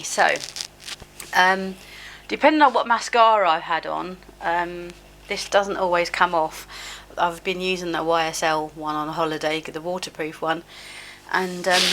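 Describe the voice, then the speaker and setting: A woman's voice: on the low side, normal speed, a bit bright, slight background noise. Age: 50s. Sex: woman. Style: chatty skincare vlog. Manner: chatty, self-deprecating, laughs at herself. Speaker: beauty vlogger. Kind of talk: casual skincare tutorial chat. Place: home, at a sink. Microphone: camera close up.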